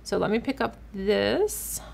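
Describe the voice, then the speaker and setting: A woman's voice: medium pitch, very animated, measured pace, gravelly. Woman, casual beauty tutorial, enthusiastic, chatty, stumbles and repeats words mid-demo. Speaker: makeup artist and beauty vlogger. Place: home studio.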